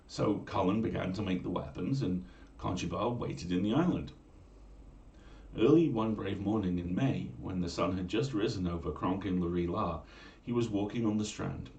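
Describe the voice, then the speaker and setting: Deep gravelly man reading a fairy tale. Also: a little mellow, roomy sound, recorded from a distance, muffled recording. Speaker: storyteller. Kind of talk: bedtime story livestream reading. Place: at home.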